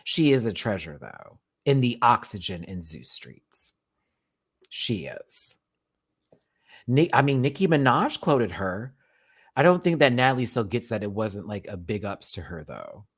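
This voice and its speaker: Husky, fairly low and very animated, this Houston man's voice drives his casual livestream reactions. He's sassy and campy, tossing out quick asides and laughing often.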